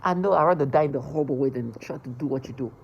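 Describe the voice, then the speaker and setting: A vlogger talking straight to camera in a raw, agitated monologue, with middle-pitched speech. The talk swings between loud outbursts and low mutters, full of swearing. Faint noise sits underneath. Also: very fast, gravelly, lo-fi sound.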